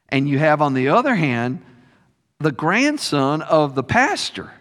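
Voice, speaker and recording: Animated preacher telling a story in a reverberant hall. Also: male voice, fairly high pitch. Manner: animated storytelling, drops softly on key words. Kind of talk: sermon storytelling.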